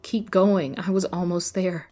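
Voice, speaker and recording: A woman's voice: fairly low pitch, measured pace, pitched above the performer's own voice. A woman voicing a feral girl who craves pain. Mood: eager. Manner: manic, laughing, then eerily calm. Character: feral bloodthirsty young girl who cannot feel pain.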